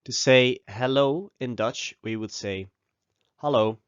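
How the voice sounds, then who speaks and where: A man of middle pitch leads a scripted language lesson, pausing so the listener can repeat each phrase. He speaks close to the mic in a dry room. The recording sounds a little dull and muffled. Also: fairly bright tone, smooth, no room sound. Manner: slow, deliberate model pronunciation with pauses for repeating. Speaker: language teacher.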